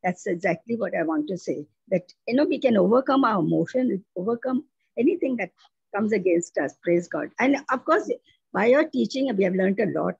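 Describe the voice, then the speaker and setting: A woman's voice: mid-range voice, expressive, moderate pace, gravelly, slightly rough, no echo, dull audio. A woman sharing a personal testimony in a prayer group, telling it earnestly with frequent restarts.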